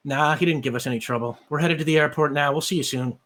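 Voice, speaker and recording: A man voicing a brisk female government agent, speaking in a curt, businesslike way. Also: fairly high pitch, a bit bright, natural voice.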